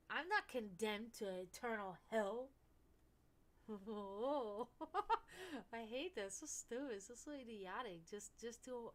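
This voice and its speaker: A woman hosting a stream and chatting casually and frankly, swearing often and rambling with many restarts, dropping to murmurs and then rising to loud outbursts. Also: medium pitch, animated, measured pace. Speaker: stream host. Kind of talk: casual esoteric chat.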